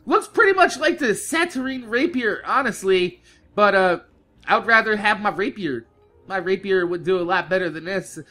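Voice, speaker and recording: Bright-voiced man ranting with profane laughter. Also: sits high, lively intonation, soft background music. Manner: profane, loud, laughing through his own story; slows down and over-enunciates when quoting himself. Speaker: gaming video host. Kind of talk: casual storytelling rant over gameplay.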